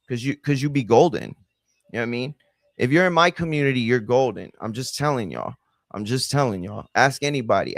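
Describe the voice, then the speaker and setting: Streamer, male, easygoing slangy fight talk, dry close mic, mid-pitched voice. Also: dry recording. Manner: loose, slangy, chatty, addresses chat directly. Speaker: watch-party streamer and fight commentator. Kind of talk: casual live-stream commentary.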